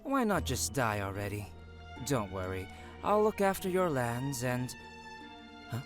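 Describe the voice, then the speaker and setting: A sneering, greedy male schemer in a video game. His pitch swoops widely as he mocks, and he drawls his words slowly. Faint music sits behind him. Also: sing-song. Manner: sneering, mocking. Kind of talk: game voice acting.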